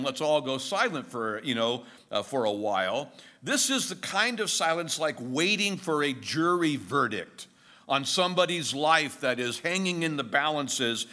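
A middle-aged man preaches a sermon, walking through the text in an easy, conversational way and slipping in jokes and short stories. His voice sits a little high and sounds bright and forceful. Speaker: pastor. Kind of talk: expository sermon.

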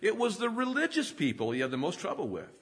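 A man's voice: high voice, huge pitch swings, fast talker, fairly bright tone, breathy edge. A man in his fifties preaching a sermon, telling humorous self-deprecating stories and often laughing mid-sentence. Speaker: pastor.

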